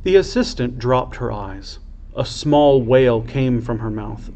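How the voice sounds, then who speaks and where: Man, priest, reading a children's story aloud, unhurried expressive delivery, average pitch, muffled lo-fi sound.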